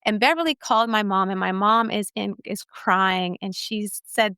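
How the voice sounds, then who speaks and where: A woman's voice: mid-range voice, normal speed, hardly any pauses, sharp tone, smooth, no room sound, clean studio sound. A woman from Texas, a podcast guest telling her life story in an earnest, emphatic way. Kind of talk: personal testimony storytelling.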